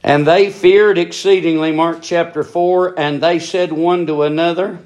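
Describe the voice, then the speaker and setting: A man preaching a sermon. His voice sits high and climbs as he presses the same lines over and over. He is emphatic and insistent throughout. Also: steady tone, a little slow, few pauses, a little mellow. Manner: emphatic, repetitive preaching with rising intensity.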